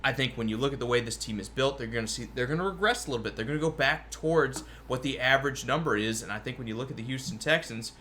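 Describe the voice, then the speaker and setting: A man co-hosting a sports talk show, giving opinions in a casual, animated way. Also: medium pitch, fast, hardly any pauses, a little hiss or hum. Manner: opinionated, animated, talks in long runs. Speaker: podcast co-host.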